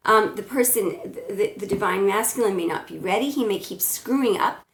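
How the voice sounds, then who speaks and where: Woman tarot reader, blunt, repeats herself, mid pitch, roomy echo. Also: expressive, normal speed. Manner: blunt, repetitive, restarts often. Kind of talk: spiritual advice monologue.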